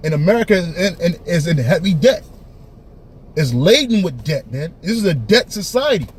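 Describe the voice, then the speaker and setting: A man with a high, husky voice preaching in a blunt, emphatic way. He keeps tagging sentences with "man" and circles back to repeat his points. His delivery is loose and conversational, yet it hammers each point home. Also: very animated, normal speed. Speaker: teacher. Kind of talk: preaching street-style commentary.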